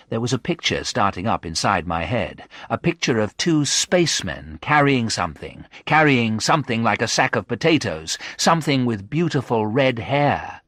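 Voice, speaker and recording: Sex: man. Role: storyteller. Style: graded-reader narration. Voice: low, bright, dry. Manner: slow, clear and expressive. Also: no echo.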